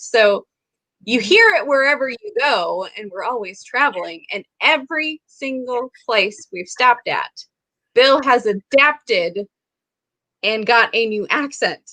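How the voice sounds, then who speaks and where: Midwest lady guest, slow talker, giggles, dry sound. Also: a little high, sharp tone, no echo, poor audio. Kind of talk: casual chat.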